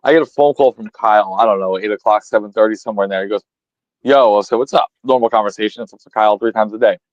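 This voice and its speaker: A man's voice: on the low side, steady tone, very fast, no room sound, lo-fi sound. A man with a New England accent co-hosting a fishing podcast, retelling phone calls in an emphatic, profane casual chat. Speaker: podcast co-host.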